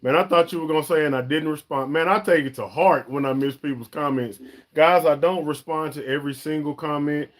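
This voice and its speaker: A man's voice: on the high side, fairly even intonation, fairly quick. A man, hosting a casual live-stream chat for a fishing channel, talking in a chatty, emphatic way and often calling viewers "y'all" and "man".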